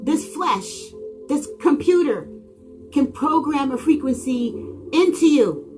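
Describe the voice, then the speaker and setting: A woman's voice: high-pitched, expressive, slow pace. Dramatic woman with singing bowl music. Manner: dramatic, rhetorical questions, swings from exclaiming to hushed. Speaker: channel host. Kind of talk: spiritual monologue.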